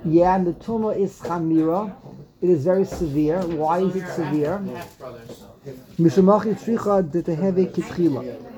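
A man's voice: high-pitched, moderate pace, crowd noise. A man teaching a casual Talmud lesson, reading passages aloud and translating them with wry asides and chuckles.

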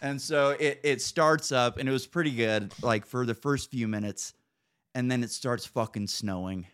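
Man, podcast host, casual chat, profane storyteller, mid-pitched voice. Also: normal speed, a bit bright, clean tone. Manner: loose, profane storytelling with laughs.

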